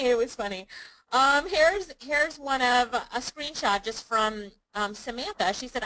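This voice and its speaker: A woman's voice: fairly high pitch, lively intonation, moderate pace, pushed and bright, a little hiss or hum, poor audio. A woman hosting a live online webinar, upbeat and chatty, calling on viewers by name. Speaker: online business course host.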